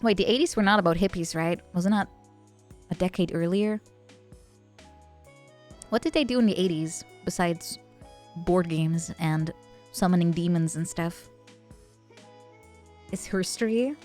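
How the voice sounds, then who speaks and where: A woman's voice: on the low side, a little slow, long pauses, a little mellow, soft background music. A woman streamer chatting casually, rambling and joking and often breaking into laughter. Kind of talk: casual chat.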